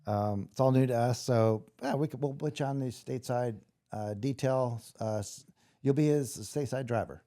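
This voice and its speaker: A man's voice: medium pitch, moderate pace, dark tone. A middle-aged man from Los Angeles, a former soldier telling his story in a casual, rambling interview, with many restarts. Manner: rambling, conversational, many restarts, acts out quoted voices. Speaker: guest, former special operations soldier.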